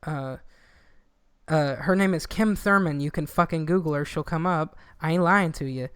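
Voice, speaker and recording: A young man co-hosting a podcast in casual chat, rambling and swearing, getting animated when he quotes people. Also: on the high side, moderate pace, smooth, no echo, clean studio sound. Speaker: podcast co-host.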